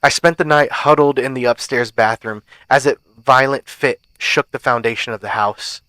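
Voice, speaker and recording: A podcast host tells a spooky first-person tale in a measured, suspenseful way. His voice sits at an ordinary middle pitch for a man. The recording is close and dry, with no room sound at all. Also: sharp tone, clear, resonant tone, no room sound. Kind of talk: reading a horror story aloud.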